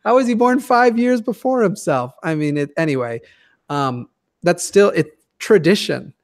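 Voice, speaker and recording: A man's voice: high-pitched, expressive, normal speed, dry recording, clean studio sound. A man in his twenties from the Denver area, a guest chatting casually in a profane, joking, rambling way. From Denver area, USA. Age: 20s. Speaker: guest YouTuber. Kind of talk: casual chat.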